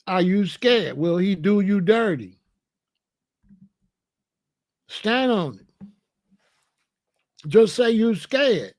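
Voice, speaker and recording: High-voiced guy, aave, preachy and in your face, dry close sound. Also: very animated, slow, no room sound. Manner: confrontational, repeats questions, preachy. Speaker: host answering a viewer. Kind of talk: live-stream commentary.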